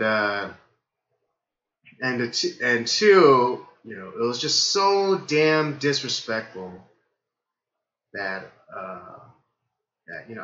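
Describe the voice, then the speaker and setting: Hoarse male podcast host, rambling casual chat, bright edge, roomy and dull lo-fi sound. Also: medium pitch. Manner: rambling, many fillers.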